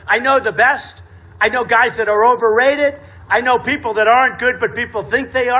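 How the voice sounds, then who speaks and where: A man in his sixties giving a campaign rally speech outdoors, boastful and repetitive, often shouting. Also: extremely high pitch, slight background noise. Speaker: political candidate. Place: outdoor state fair rally.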